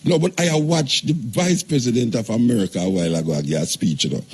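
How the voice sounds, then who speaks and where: Older Jamaican man, rambling patois radio talk, a touch husky, emphatic. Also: medium pitch, a little fast, darkish tone.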